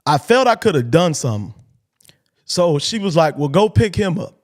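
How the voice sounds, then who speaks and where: A man's voice: on the high side, big pitch swings, moderate pace. A man telling a personal story on a call-in show in an earnest, colloquial way, emotional and near tears, repeating himself as he goes. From Texas. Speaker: host.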